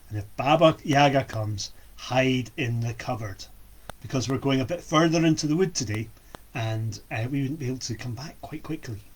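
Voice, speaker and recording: Brief: sensible storybook cat and sparrow, quiet and instructing, voiced by a storyteller. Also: mid-range voice.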